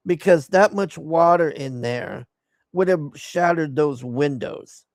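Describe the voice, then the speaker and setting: Man, gravelly voice, dry close sound, exasperated profane movie rant. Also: on the high side, takes it slowly, no room sound. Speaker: movie reviewer. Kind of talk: casual ranting movie recap.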